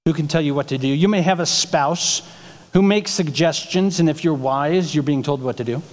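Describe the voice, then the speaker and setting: A man's voice: on the high side, normal speed, long reverb tail. A male pastor preaching a sermon in a conversational way, asking the congregation rhetorical questions. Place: church sanctuary.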